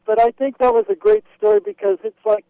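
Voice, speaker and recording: A man's voice: very high-pitched, big pitch swings, brisk, creaky, no echo. A man from Wyoming calling in to a radio show, eagerly retelling a travel story and acting out the quotes. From Wyoming, USA. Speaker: caller. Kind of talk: phone-in storytelling. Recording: tinny phone line.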